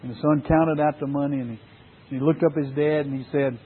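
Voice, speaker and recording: A man's voice: a little high, fairly even intonation, fairly quick, breathy edge. A man preaching an earnest sermon to fathers, using emphatic repetition. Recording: tinny phone-like sound.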